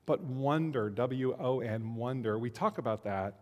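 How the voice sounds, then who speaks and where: A man giving a conversational Christmas sermon as a pastor, slowing down to stress key words. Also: medium pitch, dull audio. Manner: conversational, slows down for emphasis. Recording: long hall reverb.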